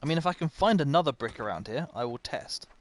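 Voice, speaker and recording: A man's voice: fairly high pitch, lively intonation, quick pace. A man commentating live as he plays a video game, chatty and self-mocking, often talking to the game itself. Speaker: game streamer.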